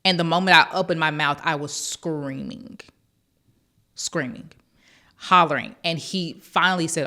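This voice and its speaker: A woman's voice: low-pitched, normal speed. A woman from Georgia, a podcast guest, telling an emotional personal story with heartfelt intensity. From Georgia, USA. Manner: heartfelt, quotes others in a softer voice.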